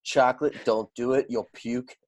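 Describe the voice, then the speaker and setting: A man's voice: mid-range voice, normal speed, no room sound. A young man chats on a casual podcast, hyping up stories with playful energy. His voice sits mid-range and sounds close and dry on the mic. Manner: animated storyteller, playful hype. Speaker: podcast co-host.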